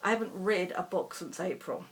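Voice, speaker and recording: A woman's voice: fairly low pitch, moderate pace, a little hiss or hum. A middle-aged woman chatting casually about her stitching projects in a rambling, self-deprecating way. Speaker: cross-stitch vlogger. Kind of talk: casual chat.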